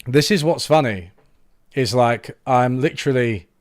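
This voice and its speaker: A young man talks casually to a live-stream audience, sarcastic and amused, breaking off into restarts. His voice sits at an ordinary middle pitch. The sound is dry and close, with no room around it. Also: unhurried, no echo. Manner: sarcastic, laughing, trailing off into restarts. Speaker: YouTube channel host.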